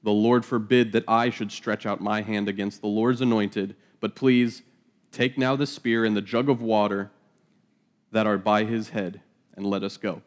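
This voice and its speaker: A man's voice: fairly low pitch, fairly even intonation, moderate pace. Joking man teaching from the Bible. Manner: casual and joking, with laughing asides.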